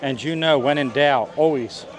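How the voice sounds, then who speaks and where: Some chatter can be heard behind this young vlog host as he reviews food outdoors at a theme park festival, grumbling playfully and dramatically. He speaks in a mid-range voice at a moderate pace.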